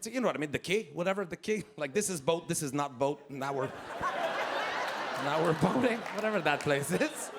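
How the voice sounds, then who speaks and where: A man in his fifties with a Québécois French accent doing a loud, animated stand-up set, shouting his punchlines. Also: fairly high pitch, fairly quick, very noisy. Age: 50s. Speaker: stand-up comedian. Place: comedy club stage. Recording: live club with loud crowd laughter. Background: audience laughing.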